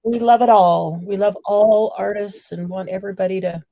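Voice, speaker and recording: A woman's voice: medium pitch, fairly even intonation, normal speed, no room sound, lo-fi sound. A woman co-hosting a casual crafting livestream, chatting and laughing easily with friends on a video call. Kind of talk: casual chat while crafting.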